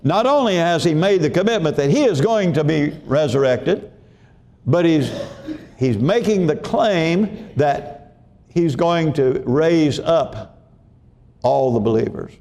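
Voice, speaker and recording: Male pastor, higher-pitched voice, folksy repetitive sermon delivery with questions to the congregation. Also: expressive, slow pace, mellow. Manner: folksy, repeats phrases, asks congregation questions.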